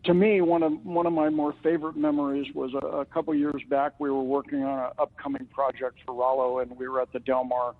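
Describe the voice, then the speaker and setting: A man's voice: little pitch movement, brisk, hardly any pauses, no echo. A man telling a long anecdote on a radio talk show, voicing the quoted lines of the people in it. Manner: anecdotal, acts out quoted dialogue with rising pitch. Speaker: charity representative guest. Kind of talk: casual storytelling on radio. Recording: lo-fi radio broadcast audio.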